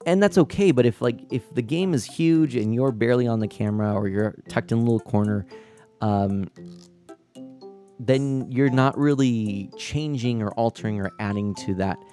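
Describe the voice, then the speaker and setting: Soft music plays beneath a warm, mid-range male voice at normal speed. The speaker, a man in his thirties hosting a family-friendly live stream, casually reads viewer comments, laughs often, and rambles with lots of fillers and restarts.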